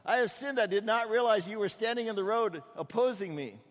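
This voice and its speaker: A man's voice: high-pitched, a little fast, big-room sound, pitched above the performer's own voice, natural voice. A man playing a greedy, hesitant male prophet who hedges and pleads. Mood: hedging. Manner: hedging, pleading.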